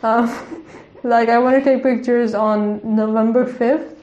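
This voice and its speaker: A chatty woman co-hosts a casual podcast, giggling often and padding her sentences with fillers. Her voice sits a touch high, and the recording rings with a roomy echo. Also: fairly even intonation, a little slow, darkish tone, highs cut off. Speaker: podcast co-host.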